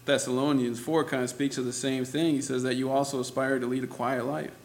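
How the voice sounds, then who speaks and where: Gravelly, chatty man preaching a sermon. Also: mid-range voice, level tone, brisk. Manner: conversational, laughs often, lots of "you know" and "right?". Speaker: pastor. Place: church.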